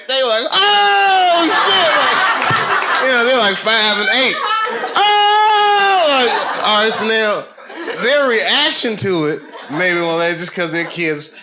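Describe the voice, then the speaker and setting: A man in his thirties with an American accent, doing stand-up storytelling on a club stage. He often laughs at his own stories, and his voice jumps up when he gets excited. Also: high voice. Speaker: stand-up comedian. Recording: noisy live recording.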